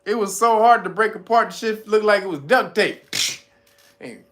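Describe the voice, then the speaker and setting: A man hosting a casual livestream, talking straight to his viewers in a profane, animated way, laughing often and reading out chat guesses. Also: sits high, normal speed. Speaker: host.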